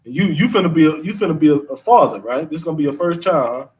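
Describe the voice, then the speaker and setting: Guy teaching bible class, high voice, loose slangy talk, mic far away. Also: fast talker. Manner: conversational, repeats himself, drawling slang.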